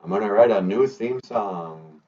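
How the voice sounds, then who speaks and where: A man's voice: fairly low pitch, a little slow, a little mellow. A man hosting a casual language vlog, playful and joking as he teaches phrases. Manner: playful, joking, laid-back. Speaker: podcast host teaching Ojibwe phrases. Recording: dull lo-fi audio with faint guitar.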